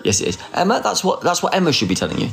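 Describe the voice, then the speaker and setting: A man's voice: fairly high pitch, sing-song, rapid-fire, gravelly, fairly bright tone, faint music behind. Teasing, sing-song man in his forties. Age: 40s. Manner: teasing, flirty, sarcastic and self-mocking. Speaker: livestreamer. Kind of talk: casual live chat.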